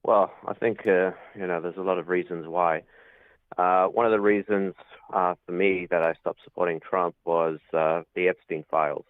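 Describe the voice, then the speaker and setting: Deep flat-voiced man on a tinny phone line. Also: no echo. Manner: measured, fills pauses with uh and um. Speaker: caller. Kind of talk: call-in opinion.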